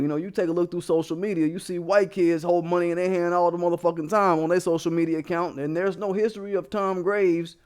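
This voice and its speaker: A man's voice: high voice, darkish tone. A man hosting a commentary channel, ranting bluntly and swearing constantly as he talks straight to his viewers. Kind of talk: profane casual commentary.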